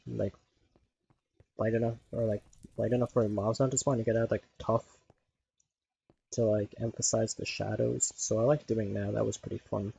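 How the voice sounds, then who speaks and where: A man's voice: lowish voice, vocal fry, mellow, a little hiss or hum, poor audio. A man giving casual gameplay commentary, rambling and leaning heavily on "like" as a filler. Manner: rambling, heavy use of "like". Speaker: gaming video creator.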